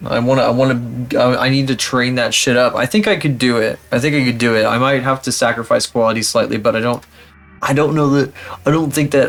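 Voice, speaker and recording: Young male streamer, casual mid-pitch voice, loose and profane, light music underneath. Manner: rambling, profane and self-mocking. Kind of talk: casual live-stream chat.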